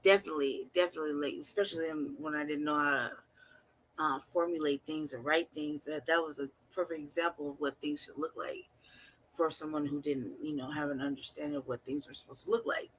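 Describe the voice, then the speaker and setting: Bright-voiced host who laughs constantly. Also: medium pitch, fairly even intonation, brisk, breathy edge. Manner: laughing often, profane, casual and rambling. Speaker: channel host. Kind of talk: reaction commentary.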